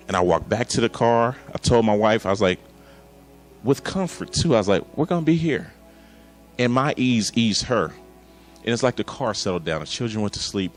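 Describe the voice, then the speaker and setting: A man in his thirties preaching a sermon, telling an emotional personal story and acting out his dialogue with God. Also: lowish voice. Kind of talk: sermon testimony.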